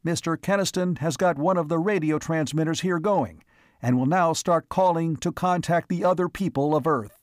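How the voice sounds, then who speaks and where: A man's voice: fairly high pitch, normal speed, no echo, clean studio sound, voice pushed up, natural voice. A man reading the part of a humbled older male mayor who speaks with eager, stumbling encouragement.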